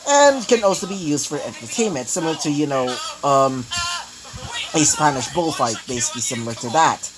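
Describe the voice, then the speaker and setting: A man's voice: fairly high pitch, lively intonation, fairly quick, background noise. A man narrating a fan story in a casual, rambling way, with constant fillers and frequent restarts.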